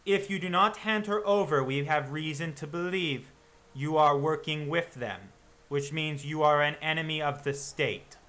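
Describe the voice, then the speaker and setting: A man's voice: on the high side, moderate pace, a bit bright, natural voice. A man doing a stiff, threatening werewolf hunter. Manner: stiff, formal ultimatums. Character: male werewolf hunter, threatening and self-righteous.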